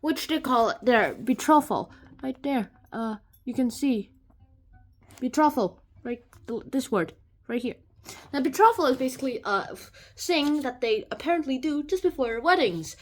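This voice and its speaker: A woman summarizing a classic novel in a casual, chatty way, telling the story with quick asides. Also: sits high, expressive, faint music behind. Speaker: video host.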